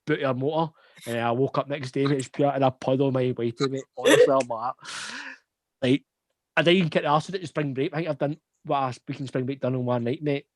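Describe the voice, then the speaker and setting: A man's voice: mid-range voice, dry recording. A young man with a Scottish accent, telling a long laughing anecdote in casual chat, swearing freely. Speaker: podcast host.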